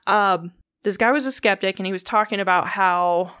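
A woman's voice: mid-range voice, moderate pace, a bit bright, clean tone, no room sound, clean studio sound. A woman casually retelling a story on a podcast, swearing freely and acting out the quotes. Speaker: podcast host.

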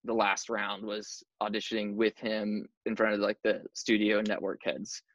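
A man's voice: lowish voice, monotone, moderate pace, no echo. A young man, an actor, chatting casually about his career, easygoing and full of "like" and "dude". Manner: easygoing, says "like" and "dude" a lot. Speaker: actor guest. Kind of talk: casual interview chat. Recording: dull lo-fi dry recording.

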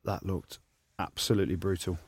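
Low male voice, casual co-host, teasing and animated, dry close mic. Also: brisk, breathy edge, dry recording. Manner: animated, teasing banter, rising high when incredulous. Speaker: podcast co-host, former rugby player. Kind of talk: casual chat.

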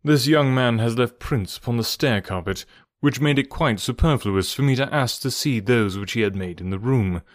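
Man reading as a calm clever detective, measured and dry, mid-pitched voice. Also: dry recording, close to an everyday voice. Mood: assured. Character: calm, cerebral male detective.

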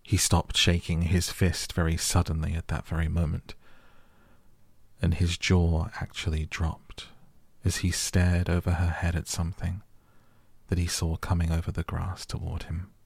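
A man reads a storybook aloud as a calm bedtime audiobook. His voice is very low, gravelly and husky, with an even, flat delivery, recorded close and dry. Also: no echo. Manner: calm, gentle, measured. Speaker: audiobook narrator. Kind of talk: soft bedtime audiobook reading.

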